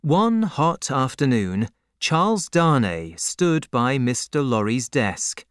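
A man reading a novel aloud in a measured, expressive narration. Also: medium pitch, clean tone, dry recording, clean studio sound. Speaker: audiobook narrator. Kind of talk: scripted narration.

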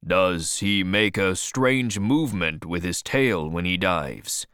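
Man doing an earnest harpooner, measured, low, slow, dry studio sound. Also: animated, fairly bright tone, smooth, no echo, heavily acted.

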